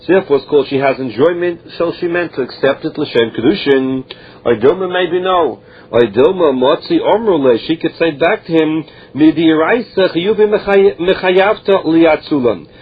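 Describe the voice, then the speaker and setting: Guy giving a talmud class, fairly high pitched and husky, reads the text then explains it simple, muffled lo-fi recording. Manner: reads Aramaic phrases and explains each in plain English. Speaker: Talmud teacher. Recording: dull lo-fi recording.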